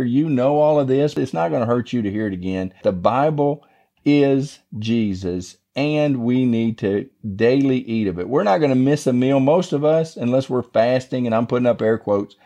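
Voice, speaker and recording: A man's voice: fairly low pitch, warm tone. A man hosting a devotional podcast, teaching the Bible in a casual, folksy, rambling way.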